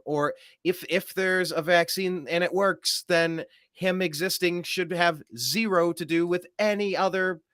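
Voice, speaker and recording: Bright, sarcastic male talk show host. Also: fairly high pitch, no room sound, clean studio sound. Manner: animated, sarcastic, rambling with restarts. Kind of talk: political talk show chat.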